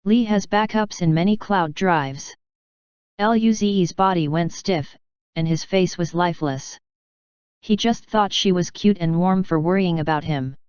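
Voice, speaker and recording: A woman with a smooth, very clear voice, pitched a little low, reads an audiobook in a steady, even way. The sound is close and dry, with a slightly dull, muffled tone. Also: measured pace, no echo. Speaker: audiobook narrator. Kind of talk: scripted narration.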